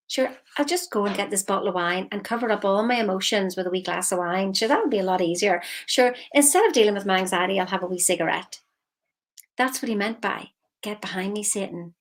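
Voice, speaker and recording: A woman mindset coach giving a lively, emphatic motivational talk straight to her viewers. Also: medium pitch. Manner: lively, emphatic, slips into quoted voices.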